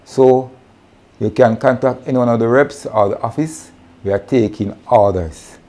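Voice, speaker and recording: A man's voice: mid-range voice, moderate pace, mellow. A man presenting at an online farming session, speaking earnestly and directly to farmers. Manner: earnest, addresses farmers directly, self-corrects. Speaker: agronomy presenter.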